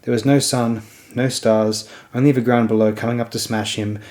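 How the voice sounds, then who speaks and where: A man narrating a fantasy novel as an audiobook in a steady storytelling manner. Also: medium pitch, moderate pace.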